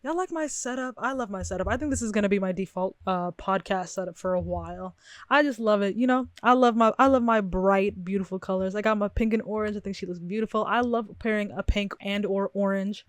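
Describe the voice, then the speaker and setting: A woman's voice: mid-range voice, fairly quick, dry recording, studio quality. A young woman vlogging from her bedroom in a chatty, rambling, self-reflective way, laughing often. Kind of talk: casual chat to camera.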